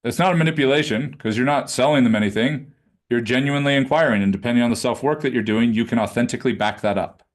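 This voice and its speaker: A man coaching a live online class over a video call, with a mid-range voice. He talks casually and with energy, now and then dropping into a low throaty tone to show how a question should sound. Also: fast. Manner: animated, demonstrative, conversational, drops into low throaty demonstrations. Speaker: business coach. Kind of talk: live webinar teaching.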